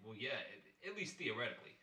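A man reading the part of an easygoing thirties husband and art teacher, relaxed and joking in his manner. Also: medium pitch, rapid-fire, roomy sound, far from the mic, low-quality recording. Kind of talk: amateur play reading.

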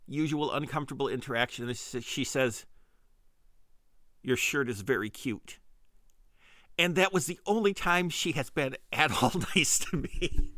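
A man's voice: fairly high pitch, sharp tone, no echo, studio quality. A middle-aged man hosting a podcast, telling a casual comedic story in a rambling, self-deprecating way with frequent restarts. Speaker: podcast host.

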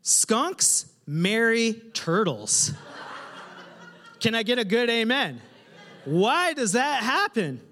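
A male pastor preaching a humorous, animated sermon to his congregation, often putting questions to the listeners. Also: extremely high pitch. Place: church hall with a congregation. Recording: reverberant hall.

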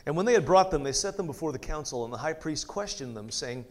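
A man's voice: on the high side, lively intonation, fast talker, a little mellow. A man leading a casual Bible study, reading scripture aloud and breaking off for chatty asides. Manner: conversational, laughs often, reads scripture aloud with asides. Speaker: Bible teacher.

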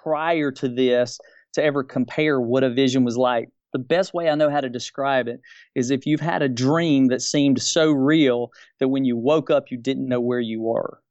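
A man's voice: medium pitch, steady tone, moderate pace, a little mellow, clear, resonant tone, no echo, dull audio. A man in his fifties telling a personal religious experience as a debate guest, earnest and groping for words. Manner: earnest, searching for words, repeats key phrases.

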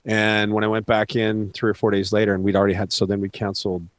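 A man with a lowish voice tells stories in a relaxed interview. He jokes at his own expense and keeps things casual. The sound is dry and close. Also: quick pace, no room sound. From Canada. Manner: joking, self-deprecating storyteller. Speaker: band vocalist, guest.

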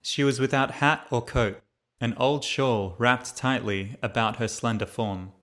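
A man's voice: mid-range voice, measured pace, a bit bright. A man narrating a memoir as an audiobook reader, reading steadily and lifting his voice for the quoted lines.

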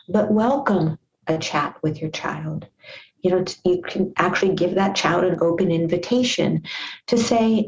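A woman's voice: lowish voice, a little mellow, dull audio. A woman speaking as a parenting guest expert on a podcast, earnest and repeating her key points for emphasis. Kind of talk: podcast interview.

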